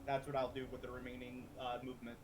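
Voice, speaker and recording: A man's voice: mid-range voice, completely flat delivery, fast, darkish tone, slight background noise. A man playing a tabletop role-playing game, thinking aloud in a rambling way and swearing casually. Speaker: player.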